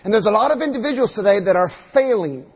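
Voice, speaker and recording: A man preaching a sermon, reading scripture aloud and then explaining it slowly with emphatic repetition. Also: high voice, expressive, breathy edge. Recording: long reverb of a large hall.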